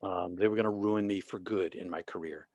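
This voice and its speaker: A middle-aged man telling a long personal story in an interview, animated, with many restarts and acted-out quotes. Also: sits low, a little fast, dry recording, muffled recording. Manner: animated, restarts often, acts out quoted people. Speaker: guest, author and former minister.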